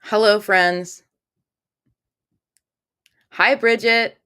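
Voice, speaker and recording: A woman's voice: medium pitch, steady tone, drawn-out words, pushed and bright, clean tone. A woman hosting a casual tarot livestream from a room at home, talking into her phone, chatty and upbeat as she reads viewer comments aloud.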